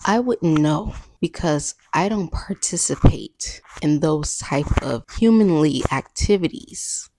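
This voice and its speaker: Animated, chatty young woman with a gravelly edge. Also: deep voice, slow, hardly any pauses, slight background noise, rough recording. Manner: chatty, rambling, playful, laughs at herself. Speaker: podcast host recapping a film. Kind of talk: casual chat.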